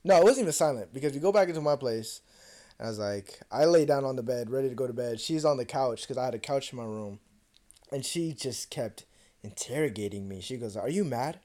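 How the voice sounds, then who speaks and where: A young man co-hosting a podcast, telling a personal story in a casual, profane and animated way and acting out the other voices. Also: mid-range voice, fairly quick. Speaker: podcast co-host.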